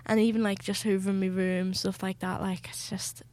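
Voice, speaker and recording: A young woman chatting on community radio in a rapid, upbeat way. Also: mid-range voice, level tone, a little mellow, dry recording. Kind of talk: casual radio chat.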